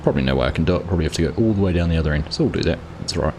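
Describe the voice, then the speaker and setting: A man's voice: a bass voice, lively intonation, racing, a little mellow, slight background noise. A man hosting a live farming game stream, chatting casually and greeting viewers by name while he plays. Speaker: livestream host. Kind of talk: casual gameplay commentary.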